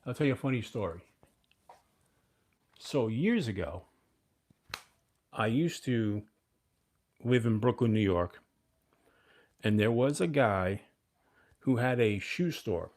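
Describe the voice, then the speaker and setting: A man's voice: medium pitch, lively intonation, takes it slowly, long pauses, darkish tone. A man in his fifties hosting a casual livestream, rambling and chatting with viewers. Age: 50s. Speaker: livestream host.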